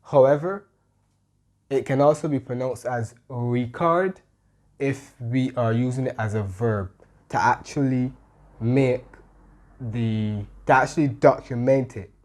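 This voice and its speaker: A man's voice: medium pitch, a little slow, darkish tone. A man teaching an English grammar lesson, explaining patiently and often checking in with "right?". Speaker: English tutor.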